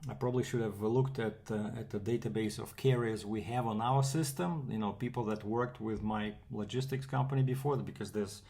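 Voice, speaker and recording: A man's voice: on the low side, brisk, hardly any pauses, mellow. A man from Canada, a freight broker, telling a rambling casual story with fillers and quoted back-and-forth.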